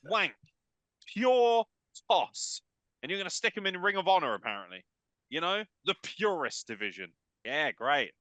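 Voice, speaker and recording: A British man hosts a podcast with a high, fairly bright voice that swings widely in pitch, speaking at normal speed with no echo. His crude comedic rant mocks freely, swears constantly and breaks into bursts of laughter.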